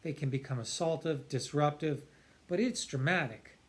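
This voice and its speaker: Man, psychiatrist, slightly high voice, earnest, emphatic, restarts sentences. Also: normal speed. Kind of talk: explanatory talk to camera.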